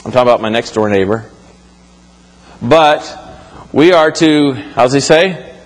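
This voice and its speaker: Speaking a little slowly in a mid-range voice, a male pastor addresses his congregation from the church sanctuary. The sermon unfolds like a conversation, with him fixing his words as he goes, and the recording carries the reverb of the hall.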